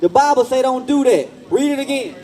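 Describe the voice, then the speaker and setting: A man's voice: very high-pitched, lively intonation, fairly quick, mellow. A man preaching outdoors on a street, blunt and slangy, firing questions at passers-by and repeating himself.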